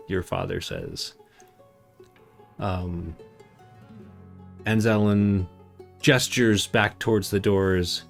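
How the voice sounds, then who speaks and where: A man narrating as game master of a tabletop game, relaxed, with many fillers. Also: low voice, very slow, vocal fry, pauses often, soft background music.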